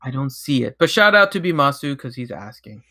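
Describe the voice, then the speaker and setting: A man co-hosting a casual gaming livestream, relaxed and explaining game mechanics at length. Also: medium pitch, fairly quick, no room sound.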